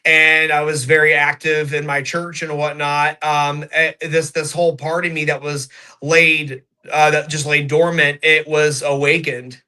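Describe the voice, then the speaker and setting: A man's voice: a little high, level tone, a little slow, pushed and bright. A man, a psychic medium, telling his story in a rambling, enthusiastic way on a video call. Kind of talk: casual interview over video call.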